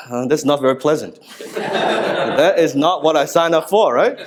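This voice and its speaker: A man in his thirties giving a live business seminar, telling stories in an animated, casual way with frequent asides and some swearing. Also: on the high side, measured pace. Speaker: business speaker. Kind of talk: live seminar talk to an audience.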